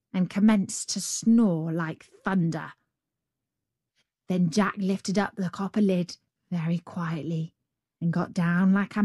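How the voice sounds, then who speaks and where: Woman, storyteller, fairy tale read aloud, expressive, slow, dry close sound. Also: mid-range voice, no echo.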